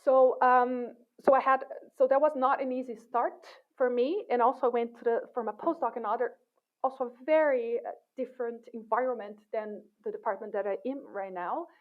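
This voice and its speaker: A woman academic being interviewed, talking in a thoughtful, relaxed way with many fillers and restarts. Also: on the high side, moderate pace. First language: not English. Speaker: assistant professor, guest. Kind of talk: casual interview talk. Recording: tinny phone-like line.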